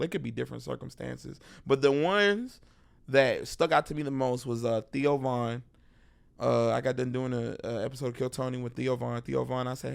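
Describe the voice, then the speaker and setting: A man's voice: medium pitch, moderate pace, creaky. A man, a stand-up comedian with a Texan accent, chatting casually as a podcast guest and acting out crowd voices as he tells stories. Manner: animated storyteller, acts out crowd voices. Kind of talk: casual interview chat.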